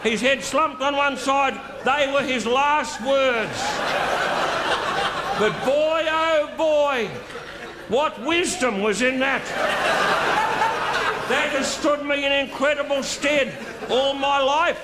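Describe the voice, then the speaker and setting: A man's voice: extremely high pitch, takes it slowly, long pauses, a loud crowd. A man playing a boozy, crude, pompous middle-aged Australian dignitary with an Australian accent. He delivers a bawdy, mock-sentimental live comic monologue with bluster. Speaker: stand-up comedian in character. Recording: live stage with audience noise.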